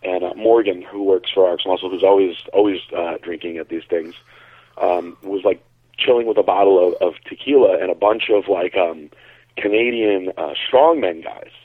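Husky low-voiced guy from connecticut, rambling story, tinny phone line. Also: normal speed, no echo. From Connecticut, USA. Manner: relaxed, rambling, lots of fillers. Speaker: bodybuilder and caller. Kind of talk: casual storytelling on a call-in show.

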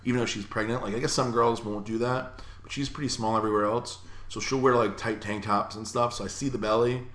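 A man's voice: mid-range voice, fairly even intonation, a little fast, fairly bright tone, reverberant. A young man co-hosting a podcast in loose, profane, joking casual chat. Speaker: podcast co-host.

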